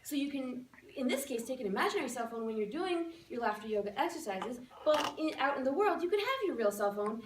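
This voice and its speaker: A woman giving a playful, animated laughter-yoga demonstration speech to a live audience. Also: high-pitched, quick pace, few pauses, a little hiss or hum. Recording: echoey room from far off.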